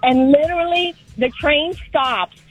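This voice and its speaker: A woman's voice: high-pitched, a little slow, highs cut off. A woman calling in to a radio show, telling a dramatic true story in an earnest way. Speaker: caller.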